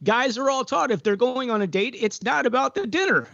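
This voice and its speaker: A man's voice: very high voice, expressive, a little fast, gravelly, bright, forceful tone, dry recording. A man from the Chicago area co-hosting a DJ livestream, chatty and jokey, heard through a video call. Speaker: co-host of a DJ livestream. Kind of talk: casual chat. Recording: slightly dull, lo-fi call audio.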